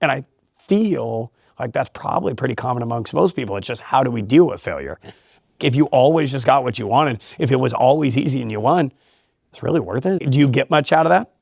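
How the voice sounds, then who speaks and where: A man who coaches high school wrestling, talking in a relaxed interview in an emphatic, motivational way and laughing often. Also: fairly quick, creaky, no echo, studio quality. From California. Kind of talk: casual interview talk.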